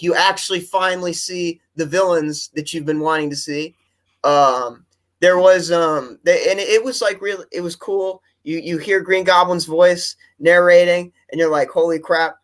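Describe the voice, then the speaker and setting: Excitable young man rambling fast. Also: sits high. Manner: rambling, fast, breathless enthusiasm with restarts. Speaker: co-host. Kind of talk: excited casual chat.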